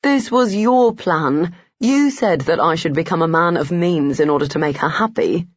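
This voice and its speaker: A man voicing a cautious, earnest young gentleman. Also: fairly high pitch, moderate pace, dry recording, lightly acted. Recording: dull lo-fi dry audio.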